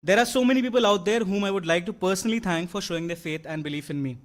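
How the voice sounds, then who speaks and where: A young award-winning graduate races through an earnest convocation speech in a high-pitched voice. In the large hall, he stumbles into frequent fillers and restarts.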